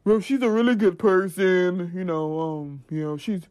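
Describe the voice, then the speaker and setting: A woman voicing a smooth-talking young man who flatters his girlfriend in a lowered, lazy drawl. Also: normal speed, close to an everyday voice. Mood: earnest.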